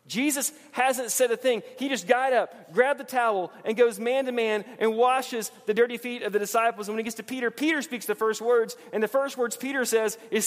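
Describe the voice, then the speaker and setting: A man's voice: very high-pitched, brisk, few pauses. A man preaching a sermon, earnest and emphatic, often repeating his phrases. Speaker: pastor. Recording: long reverb of a large hall.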